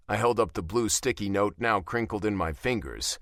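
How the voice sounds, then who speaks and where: A man narrating a romance audiobook in the first person, with expressive, self-deprecating storytelling. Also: lowish voice, moderate pace, dry recording, clean studio sound.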